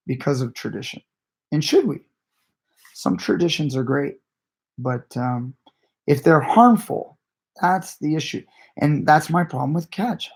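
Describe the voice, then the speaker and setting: A man's voice: mid-range voice, gravelly, a little mellow, breathy edge. A man coaching grappling, chatting on a late-night live stream in a rambling, conversational way that often restarts sentences. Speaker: jiu-jitsu coach and channel host.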